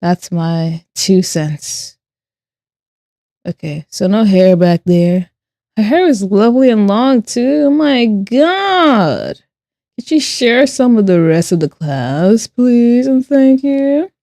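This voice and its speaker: A woman's voice: mid-range voice, slow pace, dark tone, no echo, clean studio sound. Giggly woman streamer chatting while drawing. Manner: chatty, reads chat aloud and answers with playful sarcasm; giggly, laughs often. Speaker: art streamer. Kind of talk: casual live-stream chat while drawing.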